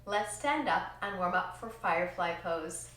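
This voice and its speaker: A woman teaching a children's yoga class, giving gentle, encouraging cues in time with slow breaths. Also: lowish voice, expressive. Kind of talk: guided kids yoga lesson. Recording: echoey room, distant from mic.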